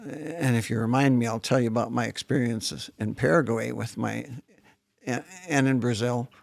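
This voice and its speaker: Gravelly older man reminiscing. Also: mid-range voice, fairly even intonation, normal speed. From northern South Dakota, USA. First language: German. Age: 70s. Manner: leisurely reminiscing storyteller, frequent restarts. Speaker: interview guest. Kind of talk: casual interview conversation.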